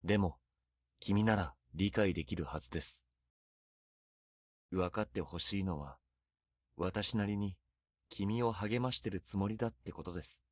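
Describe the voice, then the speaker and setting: An actor playing a cold, logical shopkeeper in a game, speaking calmly and detachedly. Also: male voice, deep voice, fast talker, long pauses, dry recording, clean studio sound. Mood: cool. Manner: calm, detached, reasoning.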